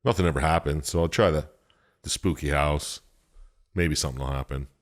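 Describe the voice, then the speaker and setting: A man's voice: very deep voice, brisk. A man co-hosting a podcast, laid-back and crude in casual banter with friends. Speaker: podcast co-host.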